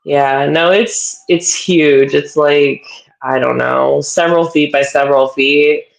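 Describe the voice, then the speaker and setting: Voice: mid-range voice, fairly even intonation, slow pace, creaky, low-quality recording. A livestream guest chatting casually about crafting, self-mocking and laughing often. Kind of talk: casual chat while crafting.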